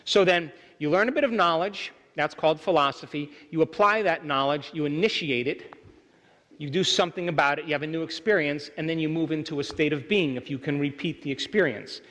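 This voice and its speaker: A man's voice: fairly high pitch, brisk, fairly bright tone. Emphatic man lecturing in a reverberant hall. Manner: emphatic, asks audience for agreement. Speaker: workshop speaker. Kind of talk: lecture to a live audience. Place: large hall with audience. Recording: hall reverb, live venue.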